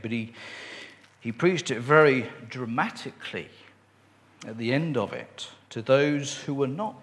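Guy giving a sermon in a church, talks slow with lots of uh's, big echoey hall. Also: medium pitch, a bit bright. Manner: unhurried, with fillers and asides. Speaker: preacher. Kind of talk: sermon with scripture reading.

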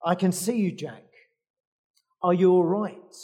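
A man doing a calm, matter-of-fact God. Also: high voice, measured pace. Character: calm, all-knowing male God.

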